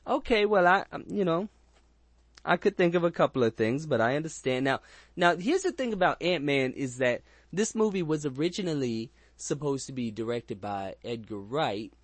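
A man's voice: on the high side, animated, normal speed, no echo. Rambling, jokey man hosting a movie chat. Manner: rambling, jokey, crude, restarts often. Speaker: podcast host. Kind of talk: casual movie review chat.

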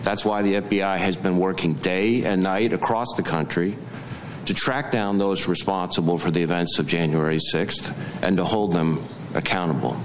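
A man reading prepared testimony at a hearing, in a measured, formal way. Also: deep voice, a little hiss or hum, close to an everyday voice.

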